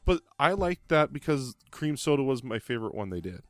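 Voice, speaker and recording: Give me a relaxed man with dry humor chatting on a podcast, close mic. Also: mid-range voice, a little fast, dry recording, faint music behind. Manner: dry, laid-back, short replies. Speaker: podcast co-host, youth leader. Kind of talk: casual chat.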